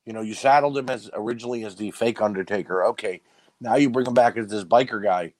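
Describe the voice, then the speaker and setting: Male co-host, fairly low voice, building an argument in casual talk, dry close recording. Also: fast, a little mellow, no room sound, low-quality recording. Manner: argumentative, lays out points at length. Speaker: podcast co-host. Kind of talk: casual wrestling podcast chat.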